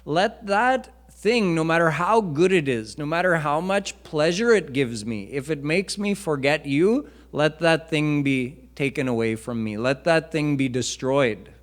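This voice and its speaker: A man's voice: a little high, measured pace, hardly any pauses. A man preaching a devotional lecture in a temple, teaching earnestly and chanting Sanskrit verses. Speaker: swami preacher. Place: temple hall.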